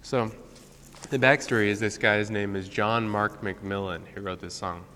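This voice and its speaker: A man giving an informal devotional talk, halting often with fillers as he tells a story. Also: lowish voice, fairly even intonation, bright, forceful tone, long reverb tail, slight background noise. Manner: casual, halting with many fillers.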